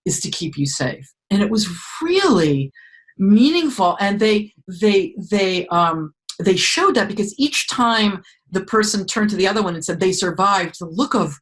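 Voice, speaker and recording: A woman author being interviewed, speaking expressively with emphatic, animated phrasing. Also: mid-range voice, measured pace. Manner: expressive, emphatic, frequent restarts. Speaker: author guest. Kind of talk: conversational interview.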